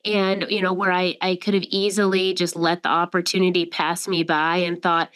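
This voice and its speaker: A woman's voice: on the low side, little pitch movement, moderate pace, few pauses, fairly bright tone, smooth. A woman in her forties, a company CEO, speaking reflectively in a casual chat. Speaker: CEO and former legal counsel.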